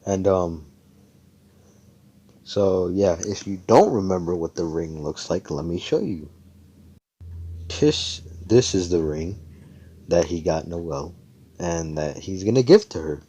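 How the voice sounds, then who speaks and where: A man's voice: deep voice, expressive, takes it slowly, long pauses, warm tone, slightly rough. A young man casually narrating a fan-made story, rambling and swearing, voicing the figures' lines in his own plain voice. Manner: rambling and profane, with frequent restarts.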